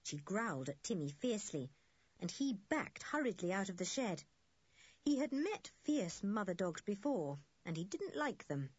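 A woman reads a children's storybook aloud, gentle and measured. Her voice is breathy and sits mid-range, and the recording is dry and dull, a little lo-fi. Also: medium pitch, sing-song, no room sound. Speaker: audiobook narrator.

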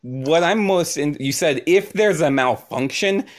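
A man playing his character in an improvised tabletop role-play over a voice call, lively and cursing freely. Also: a little high, a little slow. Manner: animated, swears, acts out his character. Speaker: player.

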